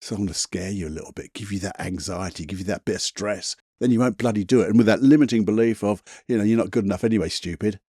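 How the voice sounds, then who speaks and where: A man's voice: lowish voice, fast talker, few pauses, warm tone, husky, no echo, clean studio sound. A man hosting a solo motivational podcast, talking in a chatty, emphatic way, swearing casually and laughing at himself. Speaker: podcast host.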